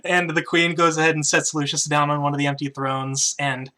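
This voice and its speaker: A man narrating as game master of a tabletop role-playing game. He describes the scene loosely, with many fillers. His voice sounds bright. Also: fairly high pitch, fairly even intonation, fairly quick.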